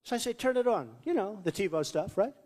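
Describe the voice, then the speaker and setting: Long reverb fills the school hall as a presidential candidate delivers a rambling, boastful rally speech, repeating himself and mimicking the voices of those he quotes. His voice sits high and is a little mellow, fairly quick and lively in intonation.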